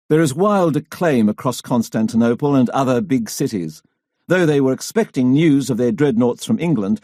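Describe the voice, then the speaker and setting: A male audiobook narrator reading history in a measured, storytelling manner. His voice is mellow and dark at a middle pitch, and the sound is dry and close. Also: dry recording. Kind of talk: scripted narration.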